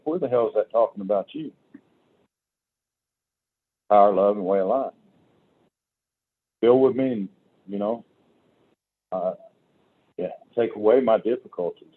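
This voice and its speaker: A man tells recovery stories in a blunt, salty, down-home way, acting out the voices of people he quotes. His voice sits low. It comes through a tinny, phone-like video-call line. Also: measured pace, pauses often, slightly rough. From Oklahoma. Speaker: recovery workshop speaker. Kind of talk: folksy storytelling recovery talk.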